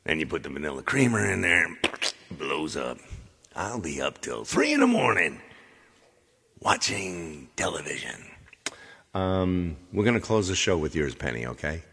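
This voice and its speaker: A man casually hosting a live music stream, joking and rambling playfully with a raspy voice. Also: sits low, big pitch swings, moderate pace, sharp tone, big-room sound. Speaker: live stream singer host.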